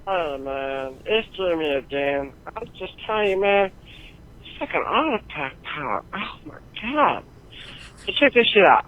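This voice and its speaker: A man voicing a crude, foul-mouthed male gamer who rants in a profane, rambling way, heard over a phone-line recording. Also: high voice. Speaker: listener calling in. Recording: tinny phone-line voicemail.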